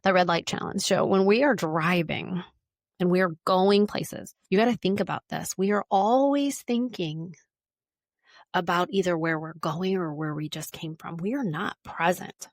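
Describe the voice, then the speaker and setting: A woman's voice: lowish voice, moderate pace, dry recording, studio quality. A woman hosting a wellness podcast, talking casually and informally and repeating words for emphasis.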